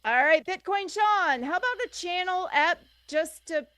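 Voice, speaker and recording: A woman's voice: extremely high pitch, animated, unhurried, fairly bright tone. A woman co-hosting a casual livestream, reading out viewer messages in an upbeat, matter-of-fact way. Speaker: co-host reading super chats.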